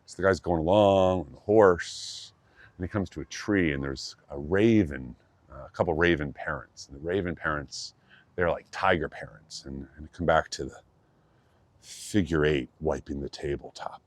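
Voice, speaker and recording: Deep-voiced guy rambling through a fairy tale, jokey, lots of uh and like, dry close sound. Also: moderate pace, no echo. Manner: rambling, jokey, many fillers. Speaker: qigong teacher. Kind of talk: loose casual storytelling.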